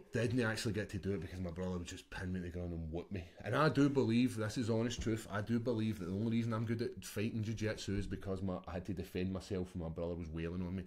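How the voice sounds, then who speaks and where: A Scottish man with a fairly low voice, chatting as a guest on a podcast. He tells his stories in an animated, laughing way and swears freely. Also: fast talker. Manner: animated, swearing storyteller who laughs often. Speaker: guest, mixed martial arts fighter. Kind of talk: casual chat.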